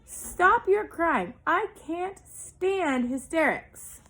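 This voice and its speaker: A woman reading aloud, voicing a gentle but brisk female spider who speaks firmly. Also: a little high. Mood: calm firm. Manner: calm, firm reassurance.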